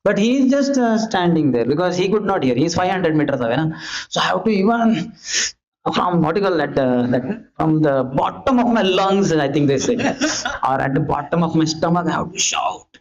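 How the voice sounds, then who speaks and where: A man giving a devotional class lecture, animated and repetitive, shouting names for emphasis. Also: a little high, moderate pace. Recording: dull lo-fi recording.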